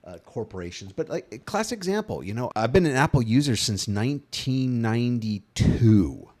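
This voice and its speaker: A man in his fifties co-hosting a casual marketing podcast, talking animatedly and jumping up into voices when he quotes people. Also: normal speed. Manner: animated, acts out quoted voices with big pitch jumps. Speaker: co-host, brand strategist.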